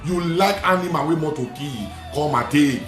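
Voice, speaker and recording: A man who is a Nigerian Catholic priest, preaching emphatically and repeating lines, slipping into pidgin and shouting at the peaks. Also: on the high side, normal speed, reverberant, soft background music. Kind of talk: preaching sermon. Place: studio.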